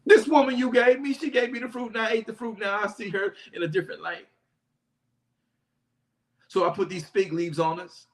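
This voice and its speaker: A man's voice: sits high, steady tone, moderate pace, long pauses, natural voice. A man preaching, playing a sheepish, caught-out man who stammers and hesitates as he explains himself. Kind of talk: preaching with acted-out Bible scene.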